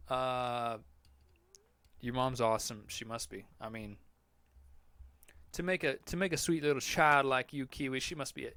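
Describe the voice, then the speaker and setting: A man's voice: mid-range voice, fairly even intonation, a little slow, long pauses, a bit bright, smooth, no room sound. A man hosting a casual live Q&A podcast, answering chat in a rambling, profane, joking way.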